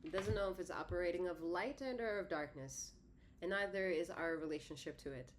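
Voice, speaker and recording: Low-voiced woman giving a rambling tarot reading. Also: fairly quick, a little hiss or hum. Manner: rambling, self-correcting, conversational; slightly lisping, slurred words. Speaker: tarot reader and healer. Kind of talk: solo tarot reading to camera.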